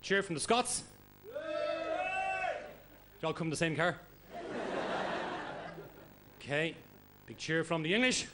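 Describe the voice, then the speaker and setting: Loud swearing stand-up comedian. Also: male voice, on the high side, a little slow, pauses often. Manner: loud, energetic, swearing, mimics accents. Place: comedy club stage before audience. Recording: noisy live club recording.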